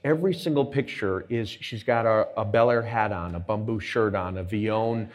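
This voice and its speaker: Animated middle-aged man telling stories. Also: lowish voice, normal speed. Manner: animated anecdotes with quoted dialogue. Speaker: guest entrepreneur. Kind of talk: storytelling on stage.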